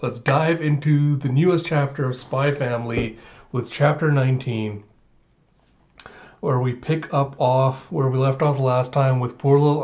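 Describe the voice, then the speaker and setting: A man hosting his own reaction channel, retelling a story in an animated way and laughing often. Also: medium pitch, dull audio. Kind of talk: casual reaction commentary.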